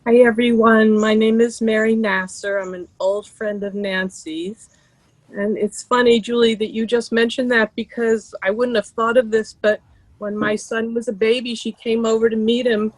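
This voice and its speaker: A woman's voice: a little high, little pitch movement, moderate pace, dry recording, poor audio. Woman telling stories on a dry call. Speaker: friend speaking at an online memorial. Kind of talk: casual storytelling remembrance. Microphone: video call.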